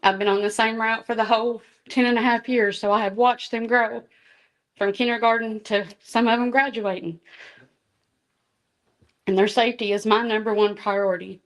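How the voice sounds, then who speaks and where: A woman's voice: fairly high pitch, fairly even intonation, normal speed. Earnest woman speaking at a meeting. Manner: earnest, emotional, reading from notes. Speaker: school bus driver and safety trainer. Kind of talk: public comment at a board meeting.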